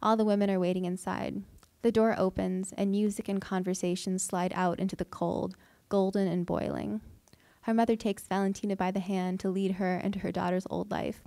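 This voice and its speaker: A woman, a fiction writer, reading her own prose aloud at an event with measured, deliberate delivery. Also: mid-range voice, little pitch movement, dark tone, dry recording. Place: event hall.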